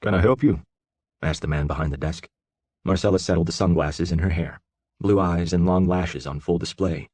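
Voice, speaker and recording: A male audiobook narrator reads in a steady, measured storytelling voice. His voice is deep with a husky edge. The booth recording is close and dry. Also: no echo. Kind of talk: scripted narration.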